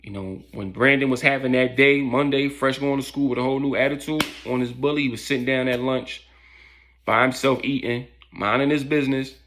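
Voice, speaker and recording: A man's voice: medium pitch, fairly even intonation, a little fast, background noise. A man casually telling a story in loose street slang, with lots of fillers.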